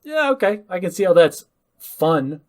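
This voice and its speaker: A man's voice: sits high, sing-song, normal speed. A man co-hosting a podcast in casual chat, trading snarky jokes. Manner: snarky, joking. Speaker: podcast co-host.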